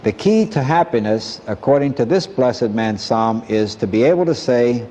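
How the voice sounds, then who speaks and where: A man giving an earnest, measured Bible lesson and quoting verses as he teaches. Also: medium pitch, animated, mellow, long reverb tail, muffled recording.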